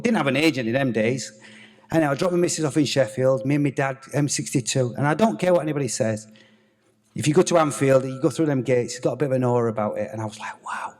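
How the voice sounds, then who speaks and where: A man, a former footballer telling a lively, swearing anecdote on a theatre stage. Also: mid-range voice, fast talker. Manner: swearing, animated anecdote telling with acted-out quotes. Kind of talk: on-stage storytelling. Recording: reverberant theatre hall.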